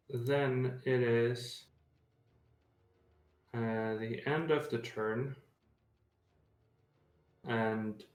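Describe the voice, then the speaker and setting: A man running an online tabletop game as game master, pausing often with fillers. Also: mid-range voice, a bit bright, roomy sound. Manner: hesitant, many filler pauses.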